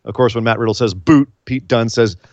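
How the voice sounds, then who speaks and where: A man's voice: mid-range voice, fairly quick, no echo. Chatty man recapping wrestling, lo-fi. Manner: chatty, laughs while recapping. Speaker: wrestling podcast co-host. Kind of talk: casual recap chat.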